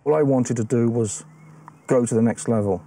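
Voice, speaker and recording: A man's voice: medium pitch, moderate pace, dark tone, slight background noise. A man who is a former special forces soldier, speaking bluntly and plainly in an interview. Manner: blunt, plain-spoken; barks commands in drills. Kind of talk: interview and field training.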